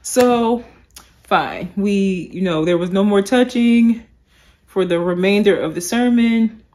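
Animated woman vlogger. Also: medium pitch, takes it slowly. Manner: animated storytelling, addresses viewers as "y'all". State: sleepy. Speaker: lifestyle vlogger. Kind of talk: casual vlog chat to camera.

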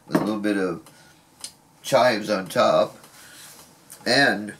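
Male cooking-vlog host, lower register, very lively intonation, playful and teasing, home kitchen. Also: slight background noise. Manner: playful, teasing asides to the viewer. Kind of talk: casual cooking vlog, chatting to viewers.

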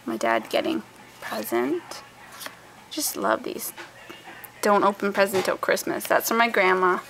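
Slow-talking woman with a gravelly lilt. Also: mid-range voice, poor audio. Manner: soft, chatty, trails off and restarts. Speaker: scrapbooking vlogger. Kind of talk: casual show-and-tell. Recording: faint background noise.

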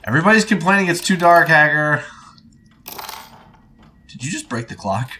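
A man's voice: on the high side, lively intonation, normal speed, bright, forceful tone. A man hosting a let's play, joking and cursing as he reacts to a horror game. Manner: joking, profane, reacting aloud. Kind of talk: casual gaming banter.

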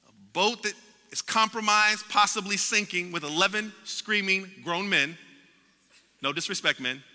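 A man preaching in a church sanctuary, his voice high and bright with a hard edge. He builds with passion, repeats his words and voices the people in his story. The sound carries a long reverb from the hall. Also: normal speed. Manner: impassioned preaching with repetitions and acted-out quotes. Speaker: pastor. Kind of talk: sermon.

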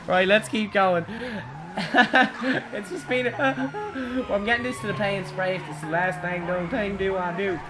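A young Irish woman giving excitable, giggly live commentary while playing a driving game, shrieking at her crashes. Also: medium pitch, measured pace, a crowd in the background. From Ireland. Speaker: game streamer. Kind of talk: live gaming stream commentary.

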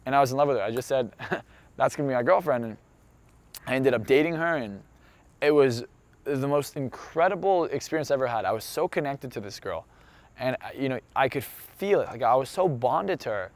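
A man's voice: mid-range voice, expressive, fairly quick, dry recording. Young male motivational speaker, earnest storyteller, emphatic, mid-range voice. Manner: earnest and emphatic, building to intense conviction.

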